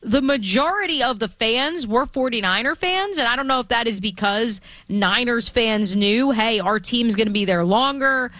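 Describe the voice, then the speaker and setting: Bright, dry-voiced woman radio co-host. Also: on the high side, expressive, moderate pace, hardly any pauses, no room sound. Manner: chatty, playful, trails off and restarts. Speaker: radio sports show co-host. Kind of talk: casual sports radio banter.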